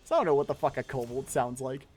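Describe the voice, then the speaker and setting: A man's voice: medium pitch, fast, darkish tone, slightly rough, soft background music. A man streaming a game, making casual, swearing, self-mocking asides between dialogue.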